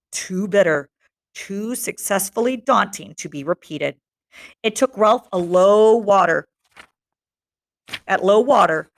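A woman teacher reading a novel aloud to her class in a steady, measured narration. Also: medium pitch.

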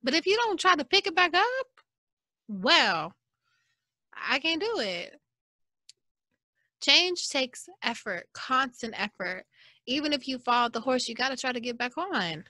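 A bright, fairly high-voiced woman with hosts her own podcast in a loose, chatty monologue. She talks expressively and slips into mock-preaching asides. The sound is dry and close, with no room echo. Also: sing-song, a little slow, pauses often. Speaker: podcast host. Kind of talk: casual solo podcast monologue.

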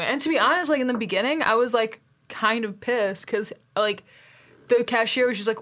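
A woman's voice: fairly high pitch, brisk, a bit bright. A woman in a casual comedic chat, telling a long story that rambles and is full of filler words.

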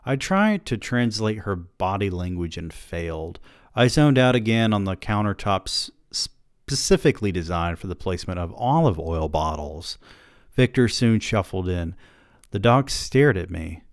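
A man hosting a podcast, reading first-person fiction aloud with measured, even narration. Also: sits low, no echo, studio quality.

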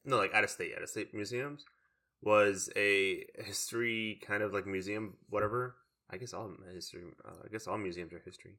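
Young man, low pitch, bright tone, rambling casual talk. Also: steady tone, brisk. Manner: rambling, full of "like" fillers. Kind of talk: casual chat.

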